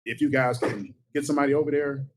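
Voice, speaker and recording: A man's voice: mid-range voice, fairly even intonation, quick pace, a little hiss or hum, rough recording. A man, a longtime resident, hesitantly complaining about his block during public comment at a town meeting. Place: meeting hall.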